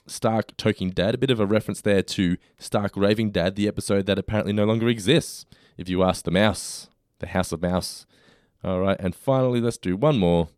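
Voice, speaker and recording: A man's voice: on the low side, darkish tone, no room sound, studio quality. Upbeat podcast host man. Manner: upbeat, reads out listener suggestions. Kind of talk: casual podcast chat.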